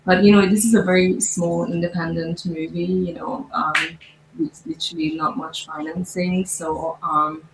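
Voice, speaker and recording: A woman's voice: lowish voice, fairly even intonation, normal speed, heavy background noise. A woman from the film's production team, talking thoughtfully about the film in an interview. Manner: conversational, thoughtful, with fillers. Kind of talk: festival interview. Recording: echoey room.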